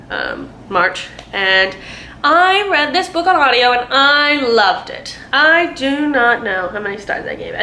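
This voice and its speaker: A woman's voice: a little high, pushed and bright. A young woman reviewing books in a casual, rambling way, full of fillers and acted-out quotes. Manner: chatty, rambling, lots of fillers, acts out quotes. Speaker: booktuber. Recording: echoey room, faint noise.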